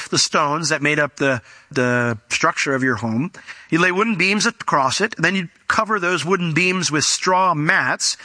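Bright-voiced pastor, casual and chatty. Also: male voice, a little high, no echo. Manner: conversational, with restarts and rhetorical questions. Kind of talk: sermon.

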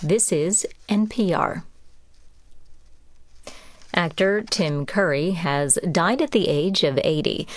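Female newscaster, low register, formal read, dry studio sound. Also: animated, no room sound. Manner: measured formal news delivery. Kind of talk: scripted newscast.

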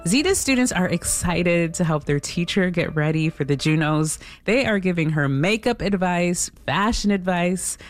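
A woman host narrating a news feature in a measured, scripted way. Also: on the low side, lively intonation, faint music behind.

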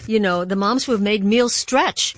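A woman's voice: mid-range voice, normal speed, no room sound. A middle-aged woman hosting a public radio show with playful banter. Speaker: radio host.

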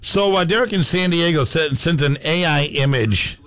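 A man's voice: fairly high pitch, moderate pace, a bit bright, no room sound. A man co-hosting a sports radio show, chatting casually and reading listener messages aloud.

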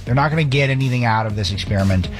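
A man hosting a talk radio show, giving fast, sarcastic commentary with frequent restarts. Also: mid-range voice, soft background music.

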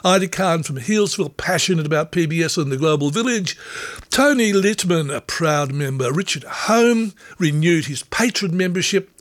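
A man with a fairly high voice reads name after name on community radio, grateful and upbeat as he thanks listeners. He sounds close and dry at the studio mic. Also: animated, normal speed, no echo. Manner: upbeat, grateful, rattling through names. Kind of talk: reading out listener memberships on air. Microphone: studio microphone.

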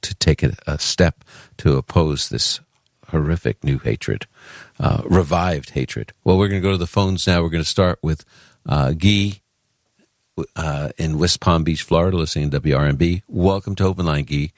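Very deep-voiced New York man hosting radio. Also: moderate pace, dry recording. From Brooklyn, New York. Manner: chatty, self-interrupting, earnest. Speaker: radio call-in host. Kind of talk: Christian radio call-in show.

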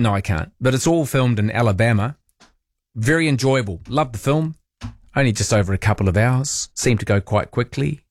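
A man's voice: mid-range voice, animated, normal speed, no room sound. A man with a New Zealand accent hosting late-night talkback radio, chatty and rambling as he searches for words. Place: radio studio.

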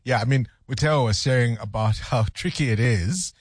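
A man's voice: mid-range voice, normal speed, husky, no echo. A man hosting a breakfast radio show, chatting and teasing his co-hosts. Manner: teasing, coaxing, laughs easily. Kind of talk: casual radio chat. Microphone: studio microphone.

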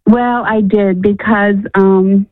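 A woman's voice: medium pitch, steady tone, slow, no echo. A woman calling in to a radio show, hesitant and repeating herself as she works out her question. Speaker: caller. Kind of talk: phone-in conversation. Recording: tinny phone line.

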